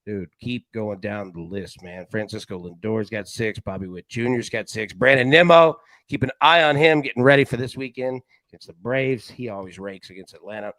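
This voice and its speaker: A man hosting a live sports betting show, talking in a casual, excitable way full of slang and stammered restarts. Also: on the low side, moderate pace, hardly any pauses, no room sound, poor audio.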